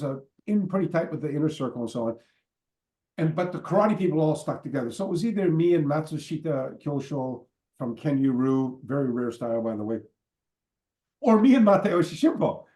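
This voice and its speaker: Older guy rambling through a story, lots of "you know"s, kinda high voice, echoey room. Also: a little fast. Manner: animated, digressive, lots of fillers and asides. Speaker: martial arts teacher interviewed as guest. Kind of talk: casual anecdotal storytelling.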